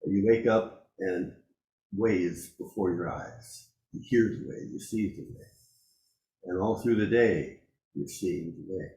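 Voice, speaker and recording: A man giving a dharma talk as a Zen teacher, reflective and unhurried, pausing often and laughing softly. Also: sits low, echoey room, poor audio. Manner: slow, reflective, with frequent pauses and soft laughs.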